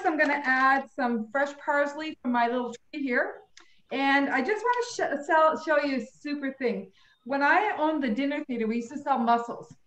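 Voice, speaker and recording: A woman's voice: high voice, a bit bright, roomy sound, low-quality recording. A woman cooking in her home kitchen, talking through a recipe in a chatty, rambling way over a video call. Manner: chatty, rambling, self-correcting asides. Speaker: home cook demonstrating a recipe.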